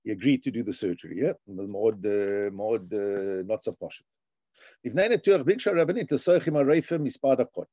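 A man's voice: fairly low pitch, lively intonation, normal speed, no echo. A man giving a lecture, reading a passage and explaining it, with sing-song rises on the read lines. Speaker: Torah teacher. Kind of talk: lecture reading a text and translating. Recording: dull, dry lo-fi recording.

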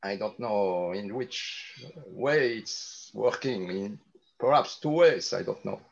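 Gravelly man asking a halting question. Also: fairly low pitch, highs cut off. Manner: halting, searching for words with many "uh"s. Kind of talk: hesitant question in class.

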